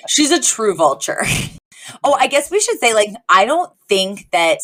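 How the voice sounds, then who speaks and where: A woman's voice: on the high side, sing-song, a little slow, a bit bright. A woman from New York co-hosting a podcast, chatting casually and laughing often, with many filler words. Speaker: podcast co-host. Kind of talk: casual chat recapping a sitcom.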